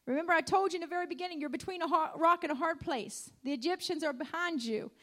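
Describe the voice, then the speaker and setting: High-voiced woman preaching a fervent sermon. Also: quick pace, fairly bright tone. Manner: emphatic, repeats lines, calls out hallelujah.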